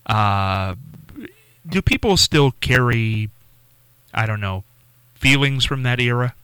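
A man's voice: medium pitch, lively intonation, slow, bright, forceful tone, clear, resonant tone, no echo. A man interviewing a guest, asking questions in an easygoing, curious way.

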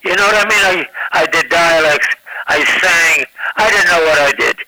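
A man, a comedian guest on a radio interview, talking in halting bursts and repeating words as he searches for them. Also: on the high side, noisy background.

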